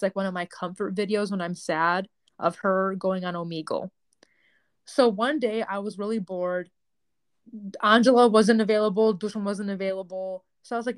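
A woman, co-hosting a podcast in casual chat and acting out the voices in her stories. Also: medium pitch. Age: 20s. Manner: animated storytelling, acts out quoted voices. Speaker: podcast co-host.

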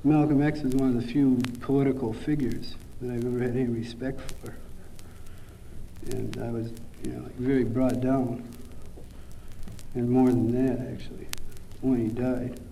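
A man, a poet, who introduces his poem quickly and offhandedly, then reads it slowly and heavily. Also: mid-range voice, level tone, vocal fry, dark tone, slight background noise, poor audio. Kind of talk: poetry reading with spoken introduction.

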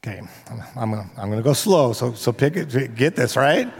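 A man's voice: mid-range voice, lively intonation, brisk, husky. A man preaching a sermon as pastor, talking casually with joking asides and frequent restarts. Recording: long hall reverb.

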